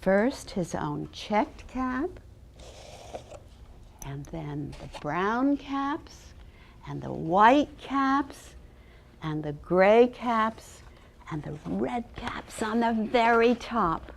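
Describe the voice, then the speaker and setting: A woman's voice: fairly high pitch, animated, extremely slow, vocal fry, slight background noise. A woman educator giving a dramatic storybook reading, then talking about teaching. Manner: dramatic, with hushed and loud turns. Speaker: early childhood educator.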